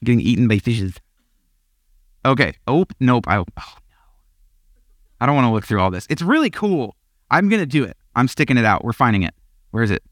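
A man's voice: medium pitch, big pitch swings, fairly quick, long pauses, no echo, studio quality. A young man giving a casual sermon as a pastor, chatty and self-deprecating, laughing often and wandering off on tangents.

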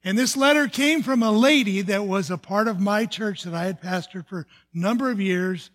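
An aging male preacher tells his personal testimony in an unusually high voice with a fairly bright tone. He's earnest throughout, keeping a plain sermon style while hesitating, using fillers, and restarting his sentences.

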